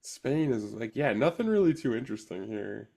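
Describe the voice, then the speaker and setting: A man's voice: medium pitch, very animated, moderate pace, gravelly, a little mellow. A man in his thirties co-hosting a movie podcast, chatting casually and laughing often. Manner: laughs often while talking. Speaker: podcast co-host. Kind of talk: casual chat.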